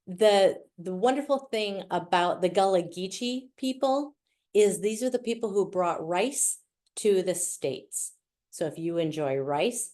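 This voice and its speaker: The voice belongs to a middle-aged woman, low-leaning and a touch mellow, speaking with a Wisconsin accent. As a guest speaker, she gives a virtual presentation that is chatty and playful.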